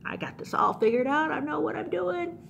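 A woman's voice: high-pitched, animated, a little fast, gravelly, slight background noise, pitched above the performer's own voice, heavily acted. Stubborn know-it-all rider in a Bible story, as a woman preacher puts him on; dismissive. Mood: cocky. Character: Balaam, a cocky, stubborn man. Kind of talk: sermon storytelling.

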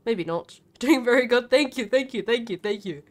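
A woman's voice: a little high, expressive, moderate pace. A woman streamer giving live gameplay commentary, nervous and chatty, swearing a lot and talking back at the characters on screen. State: nervous and scared.

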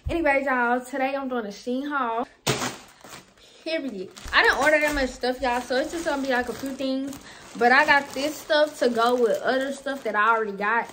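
A woman's voice: sits high, moderate pace, fairly bright tone, a little hiss or hum. A young woman chatting to viewers in a casual haul vlog, slangy and talkative, with a slight lisp from a new tongue piercing. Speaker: vlogger.

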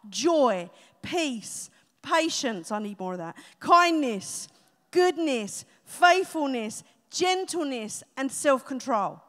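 A woman pastor delivers a live sermon in a high, bright register, pressing her points and tossing in wry asides. Her voice rings out through a church auditorium with a long reverb tail. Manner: emphatic preaching with humorous asides.

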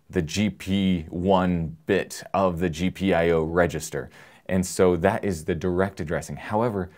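Man, deep voice, casual tech tutorial, relaxed and jokey, explains with analogies. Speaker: electronics tutorial presenter. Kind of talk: casual technical lesson.

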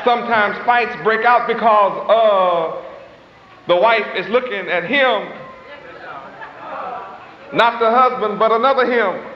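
A man's voice: high-pitched, background noise. A man preaching a sermon in a dramatic, folksy style, stretching out words for emphasis, with chuckling asides and loose grammar. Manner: dramatic, swooping emphasis, slow drawn-out stresses. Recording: echoey hall, muffled old tape.

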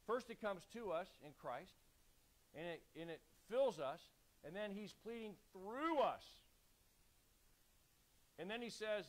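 A man preaching a sermon, urgent and exhorting, calling on the congregation to repeat lines back and clearing his throat now and then. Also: high-pitched, a bit bright. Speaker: pastor.

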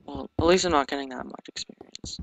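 A teenage boy giving casual, hesitant commentary over a game, talking quietly and mumbling, recorded at home on a sensitive microphone. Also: medium pitch, fairly quick, gravelly. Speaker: let's play commentator. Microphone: sensitive desk microphone. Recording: noisy home mic recording.

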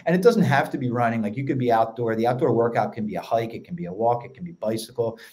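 A man with a Philadelphia accent, a podcast guest telling stories in an energetic, casual way. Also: mid-range voice. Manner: energetic storyteller, quick run-on sentences. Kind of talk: casual chat.

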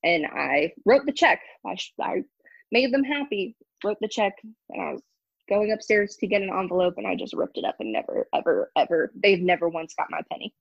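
A woman's voice: medium pitch, animated, a little fast, vocal fry, slightly rough, no echo, muffled recording. A young woman telling her story as an interview guest, candid and emphatic. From United States. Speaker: guest, ex-member of a church. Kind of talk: casual interview talk.

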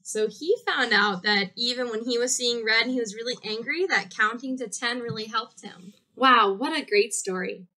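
A woman teacher reading a rhyming picture book aloud to children in a gentle, sing-song way. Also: a little high, moderate pace, hardly any pauses.

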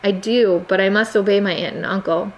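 A woman voicing a reserved young Cambodian immigrant girl who speaks quietly in halting phrasing. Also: medium pitch, fairly even intonation, lightly acted, rough recording. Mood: restrained. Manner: quiet, halting non-native phrasing, restrained.

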